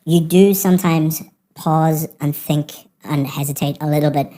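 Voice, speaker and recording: A woman's voice: sits low, fairly even intonation, moderate pace, mellow. A woman examiner giving encouraging one-on-one feedback on a speaking test and explaining with spoken examples.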